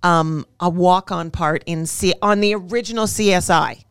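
A woman's voice: lowish voice, normal speed, clear, resonant tone, no room sound. Laughing woman comedian, dry sound. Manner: animated, laughing storyteller. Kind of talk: casual comedic chat.

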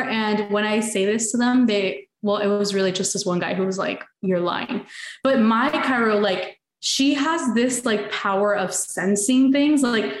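A woman's voice: medium pitch, roomy sound. A woman guest on an interview podcast, chatting casually and eagerly acting out conversations as she tells stories. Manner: animated storyteller, acts out conversations.

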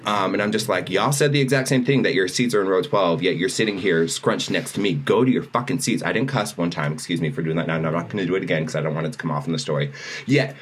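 This man's voice is low-pitched and husky, and he talks fast as a podcast co-host. Chatting casually, he tells a story in an animated way, performing the other people's lines himself.

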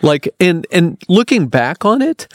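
A man's voice: sits high, very animated, unhurried, no echo, clean studio sound. A young man telling a personal story as a podcast guest, rambling with lots of fillers and restarts. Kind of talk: casual storytelling.

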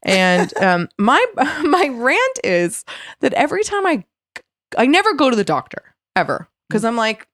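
A woman's voice: fairly high pitch, a little slow, no room sound, studio quality. A woman co-hosting a podcast, sick and congested, ranting bluntly in casual chat and acting out what she would say to people. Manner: blunt, animated ranting with acted-out quotes. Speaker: podcast co-host.

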